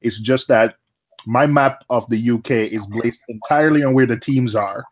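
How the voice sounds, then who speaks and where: This is a man in his thirties, originally from Jamaica, chatting casually on a live community stream. His speech is animated and rambling, with plenty of laughter and words repeated on the fly. His pitch is mid-range for a man. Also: moderate pace. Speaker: live stream chat participant. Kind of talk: casual chat.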